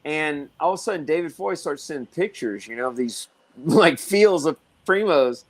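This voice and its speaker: A man talking with a slightly raised pitch, loose and rambling. He tells long stories in a casual podcast chat, trips over his words and voices the people in them. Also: lively intonation, normal speed. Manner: rambling, full of "you know" and restarts; acts out other people's lines in stories. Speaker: pepper breeder, guest.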